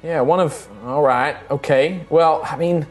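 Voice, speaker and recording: A man's voice: a little high, measured pace, faint music behind, voice pushed up, close to an everyday voice. A man doing a wary young half-elf stable hand.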